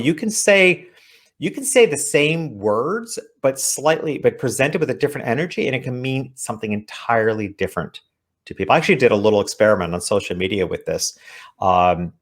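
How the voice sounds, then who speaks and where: A man's voice: mid-range voice, expressive, a little fast. A man, an author guesting on an interview show, talking earnestly as he explains his ideas. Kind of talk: interview conversation.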